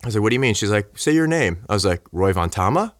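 Low-voiced man telling a lively story. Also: very fast, no room sound, clean studio sound. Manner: animated, acts out quoted dialogue; many fillers like "like" and "you know". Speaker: podcast guest. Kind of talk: casual storytelling chat.

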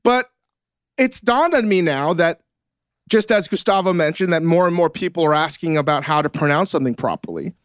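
High-voiced man chatting, self-mocking. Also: expressive, brisk, smooth, dry recording, studio quality. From United States. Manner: rambling, self-mocking, swears casually. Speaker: podcast host. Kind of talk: casual chat.

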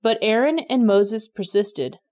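A woman reads Bible passages aloud at a steady, measured pace. Her voice sits at a middling pitch for a woman, and the delivery stays even and unhurried. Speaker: scripture reader. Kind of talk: scripted Bible reading.

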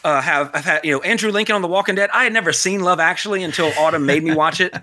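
A man's voice: fairly high pitch, racing, bright, forceful tone, slight background noise. A man hosting a podcast in casual, rambling chat, joking at his own expense. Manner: rambling, self-deprecating, joking. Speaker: podcast host.

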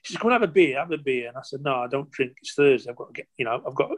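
Older male, ex-footballer guest; chatty, halting storyteller, acts out old conversations. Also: mid-range voice, expressive. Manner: rambling anecdotes with many restarts and quoted dialogue. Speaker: former footballer. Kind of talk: interview storytelling.

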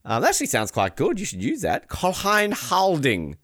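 A man's voice: mid-range voice, huge pitch swings, fast, no room sound. A man hosting a podcast in casual comedic chat, rambling and joking with frequent laughter. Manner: rambling, jokey, laughs often, breaks into silly voices. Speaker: podcast host.

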